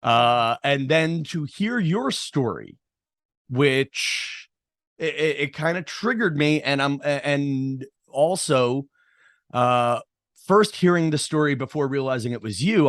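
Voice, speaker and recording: A man's voice: medium pitch, expressive, slow, a bit bright, dry recording, studio quality. A middle-aged man hosting a casual podcast interview, telling a story in a rambling way with many restarts and fillers. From Irish heritage, New York area. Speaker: podcast host.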